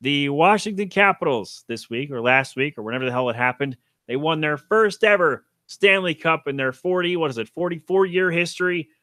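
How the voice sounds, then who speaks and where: A man's voice: fairly high pitch, animated, fairly quick, few pauses, pushed and bright, no echo, studio quality. A man hosting a casual solo podcast, rambling offhand and self-deprecating about sports, with casual swearing. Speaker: podcast host.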